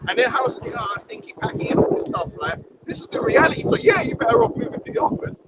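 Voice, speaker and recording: Heated host, high and lively, gravelly, distant noisy mic. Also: male voice, fast talker. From England. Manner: emphatic, preachy, uses street slang. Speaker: livestream host. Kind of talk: heated casual discussion.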